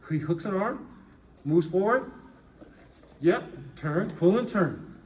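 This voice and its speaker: A man's voice: high-pitched, expressive, slow pace, far from the mic. A man coaching jiu-jitsu to police, teaching through a hands-on demonstration and often checking in with "right?". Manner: emphatic, keeps checking in with "right?". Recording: echoey room with faint background noise.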